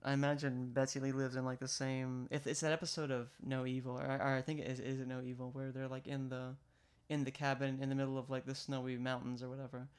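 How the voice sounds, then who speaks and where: Playful, jokey American livestream host. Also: male voice, medium pitch, completely flat delivery, fast, few pauses, clear, resonant tone. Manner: jokey, laughs often, playful banter. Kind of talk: casual livestream chat.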